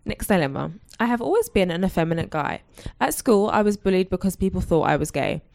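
A woman's voice: on the low side, lively intonation, brisk, vocal fry, darkish tone. A woman co-hosting a podcast, casually chatting and reading listener letters aloud. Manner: reads letters aloud, breaking into laughter. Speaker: podcast co-host.

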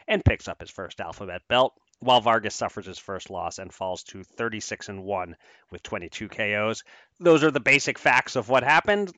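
A man co-hosts a boxing podcast in a bright, forward voice, easygoing in the banter and brisk when he runs through the results. The sound is dry and close. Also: lowish voice, no echo. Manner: easygoing, laughs along, reads stats briskly. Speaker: podcast co-host. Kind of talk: casual podcast chat and fight recap.

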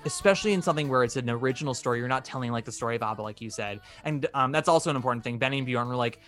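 A man co-hosting a casual podcast, telling a story with lively acted-out quotes. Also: medium pitch, very fast, faint music behind. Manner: animated storytelling, acting out quotes. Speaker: podcast co-host.

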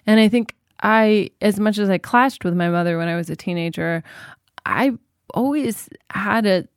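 A woman's voice: medium pitch, moderate pace, clean tone, no room sound, studio quality. A woman in her thirties, a guest in an interview, talking reflectively and often restarting her sentences. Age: 30s. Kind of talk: casual interview chat.

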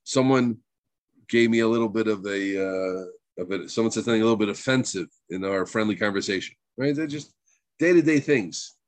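A middle-aged man with a New Jersey accent leads a relaxed religious class in a somewhat low voice. He talks loosely and chattily, dropping in Hebrew terms and asking "right?" as he goes. The recording is dry and close, with no room sound. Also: a little fast, no echo. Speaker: Torah teacher.

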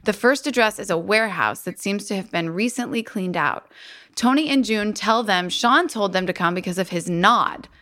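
A woman's voice: medium pitch, moderate pace. Woman recapping an episode, laughing. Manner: laughs often, animated. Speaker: podcast co-host. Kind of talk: casual chat, recapping an episode.

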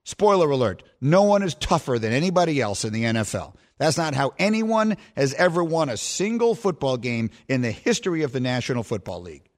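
Animated, scornful sports radio man. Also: medium pitch, a little fast. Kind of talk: opinionated sports commentary.

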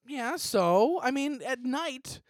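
A man co-hosting a comedy podcast, rambling through deadpan jokes with frequent restarts. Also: extremely high pitch, slow pace, no echo, clean studio sound. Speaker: podcast co-host.

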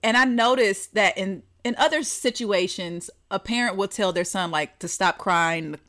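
A woman's voice: medium pitch, moderate pace, a bit bright. A woman co-hosting a casual podcast, earnestly telling a story about comforting a child. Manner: earnest, storytelling, acts out quotes. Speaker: podcast co-host. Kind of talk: casual conversation.

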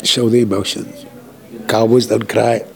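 A man's voice: lowish voice, level tone, a little slow, gravelly, darkish tone. A man, a composer, talking candidly and emotionally in a rambling, profane way from a hospital room.

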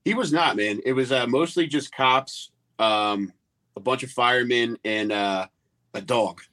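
A man's voice: medium pitch, measured pace, a bit bright. A man, a comedian guest rambling through a story in casual chat with lots of fillers.

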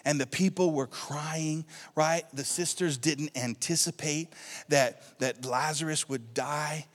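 A male pastor preaching a sermon to his congregation, calling out for responses and building excitement. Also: a little high, takes it slowly. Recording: long hall reverb.

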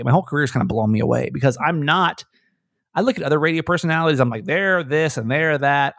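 A man's voice: fairly high pitch, vocal fry, no room sound, clean studio sound. A middle-aged man hosting a podcast, talking in a candid, rambling, self-deprecating way. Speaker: radio and podcast host. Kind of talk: casual conversational podcast chat.

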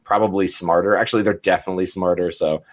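Low-voiced man hosting a podcast. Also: fairly even intonation, quick pace. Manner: laughs often, many fillers and restarts. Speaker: podcast host. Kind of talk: casual podcast chat.

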